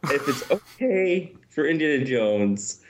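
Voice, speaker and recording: A man's voice: fairly high pitch, very animated, slow, background noise. A man joining a podcast chat, rambling and correcting himself as he talks. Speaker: podcast guest. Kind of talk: casual chat.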